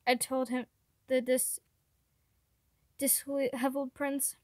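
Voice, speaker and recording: A woman reading a fan fiction chapter aloud, steady with occasional stumbles over words. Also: sits high, moderate pace, dry recording, clean studio sound. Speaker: reader.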